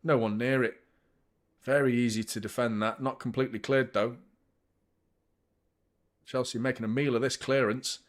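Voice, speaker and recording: A man's voice: mid-range voice, steady tone, normal speed, pauses often. A young man hosting a live football watchalong, commenting on the match and swearing freely as he gets heated.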